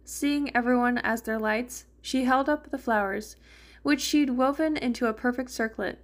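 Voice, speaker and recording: A woman's voice: fairly high pitch, normal speed. A woman reading a fan fiction story aloud, narrating and lightly voicing the characters. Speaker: fanfiction reader.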